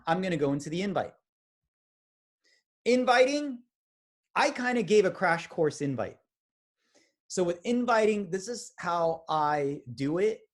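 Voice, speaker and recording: A man giving a motivational sales training talk, energetic and acting out quoted conversations. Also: on the high side. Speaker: business trainer.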